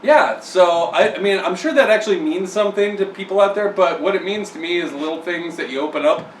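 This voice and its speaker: A man with a slightly high voice rambles through his points with lots of fillers while co-hosting a casual beer review. He is heard from a distance in an echoey room with faint hiss. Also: a little fast. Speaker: co-host.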